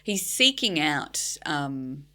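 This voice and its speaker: A woman's voice: low voice, big pitch swings, slow, sharp tone. A woman co-hosting a book podcast, talking casually with lots of hedging and easy laughter. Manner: chatty, hedging with fillers, laughs readily. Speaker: podcast co-host.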